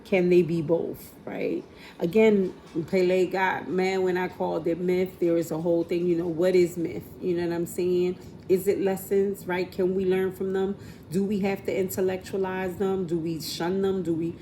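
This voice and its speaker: A woman's voice: fairly low pitch, little pitch movement, moderate pace, dark tone, a little hiss or hum. A woman giving an intuitive spiritual reading in a conversational way, often asking rhetorical questions. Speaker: spiritual reader.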